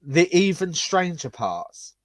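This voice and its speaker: A man's voice: fairly high pitch, sing-song, slow, no echo. A man co-hosting a casual chat, reading ghost articles aloud with stumbles and frequent laughs. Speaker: podcast co-host.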